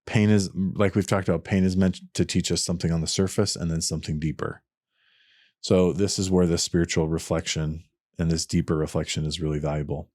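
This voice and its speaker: Man, very low pitch, podcast host, earnest, explanatory, restarts sentences, dry close sound. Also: steady tone, brisk, darkish tone, dry recording. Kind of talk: reflective solo podcast talk.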